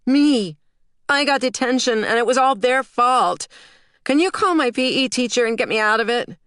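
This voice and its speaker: A woman's voice: fairly high pitch, expressive, moderate pace, fairly bright tone, no room sound, clean studio sound, voice pushed up. A woman voicing a sulky, resentful teenage girl in an audiobook. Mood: petulant. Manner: sulky, petulant.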